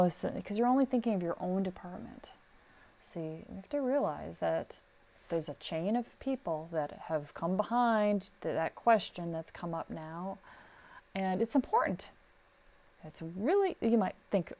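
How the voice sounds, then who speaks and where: A woman's voice: fairly low pitch, unhurried. A middle-aged woman, a sound recordist, chatting casually on a podcast and acting out the people in her stories. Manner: animated storyteller, acts out quotes. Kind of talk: casual advice chat.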